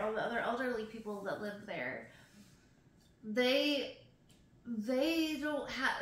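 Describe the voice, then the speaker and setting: A young woman reading poems aloud slowly and expressively, breaking off into emotional, chatty asides. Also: fairly high pitch, a bit bright. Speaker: poetry reader. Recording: roomy echo.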